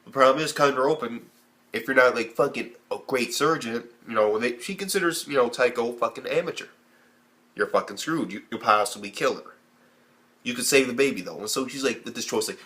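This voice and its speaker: A young man rants through an anime episode review in a loose, profane, conversational way. He keeps jumping into quick impressions of the characters, his voice shooting up high in disbelief before dropping back to his ordinary middle-pitched talk. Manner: animated, heavy swearing, acts out characters in high squeaky bursts. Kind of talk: casual profane video review.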